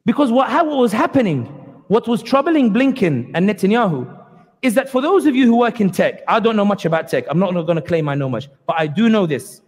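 A man's voice: sits high, expressive, a little fast, a little mellow. A man giving a passionate, sarcastic public lecture at a community event, acting out quoted speakers. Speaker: guest speaker. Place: community hall. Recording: long hall reverb.

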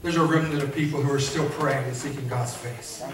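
Speaking briskly in a mid-range voice with a steady tone, a man preaches to his congregation in a church sanctuary. He repeats phrases and calls for responses, and the sound is distant and echoey.

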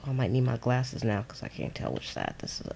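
A low-pitched woman chats away as she crafts at her desk. Her talk is loose and playful, and she often laughs and answers viewers. A faint hiss sits under the recording. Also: wildly swooping pitch, a little fast, creaky, mellow. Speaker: crafting channel host. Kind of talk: casual crafting livestream chat.

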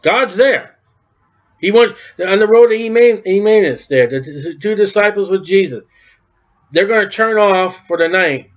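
A man with a high-pitched, expressive voice delivers an informal, conversational sermon at an unhurried pace, captured on a muffled recording. Along the way he acts out bits of dialogue in quoted voices.

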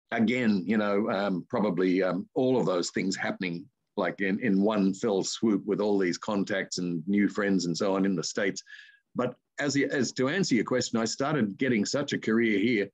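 Speaking at a normal speed in a fairly low voice, an older voice artist with an Australian accent spins rambling stories during a relaxed interview, peppering them with lively asides.

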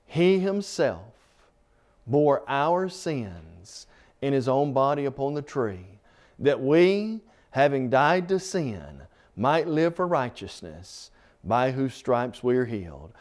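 Impassioned preacher man with lively pitch. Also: slow pace. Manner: impassioned, swelling emphasis on scripture; addresses listener as friend. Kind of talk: televised sermon.

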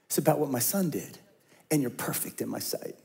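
A middle-aged man preaching a sermon as a pastor, talking conversationally and dropping to a hush when he tells stories. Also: mid-range voice, lively intonation, brisk, creaky.

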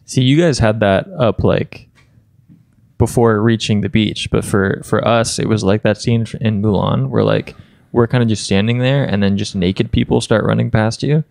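A man's voice: fairly low pitch, fairly even intonation, normal speed, vocal fry, a little mellow, no echo. A man chatting on a podcast in a laid-back, matter-of-fact way. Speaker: podcast guest. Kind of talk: casual chat.

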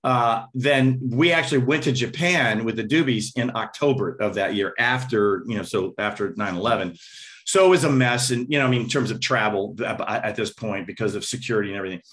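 A man's voice: lowish voice, a little fast. A man, a guest drummer and percussionist, telling stories in a casual interview, vocalizing rhythms and acting out what people said. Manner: animated, vocalizes rhythms and acts out quotes.

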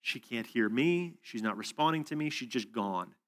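A man preaches at a conference breakout session in an everyday, mid-pitched voice. He tells stories loosely, with fillers and asides, and now and then rises in pitch and volume to stress a point. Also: expressive, moderate pace, fairly bright tone. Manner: storytelling, conversational with asides and fillers.

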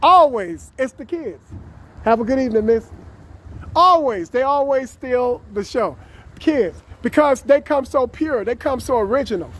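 Very high-voiced effusive street vlogger man. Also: normal speed. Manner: effusive, warm-hearted, repeats catchphrases, laughs often. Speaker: YouTube vlogger greeting strangers. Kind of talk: upbeat street vlog. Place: outdoors on a city street by passing cars. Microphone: camera he films himself with.

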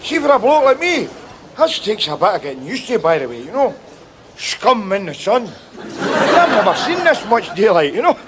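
A man's voice: sits high, very animated, moderate pace. An actor with a Glaswegian accent playing a scruffy, boastful working man on holiday in a sitcom, rambling and chuckling. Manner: rambling, cheeky, chuckling asides. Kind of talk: sitcom acting.

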